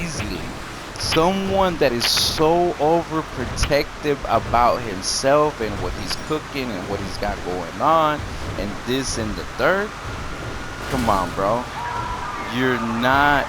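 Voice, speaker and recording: Man, casual gaming rant, repetitive, slangy, mid-pitched, noisy recording. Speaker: gaming YouTuber.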